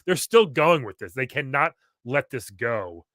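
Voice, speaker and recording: Wry man with a lively voice. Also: medium pitch, unhurried, dry recording, studio quality. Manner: wry, teasing, reads aloud. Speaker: podcast co-host. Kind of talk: comedic magazine read-along chat.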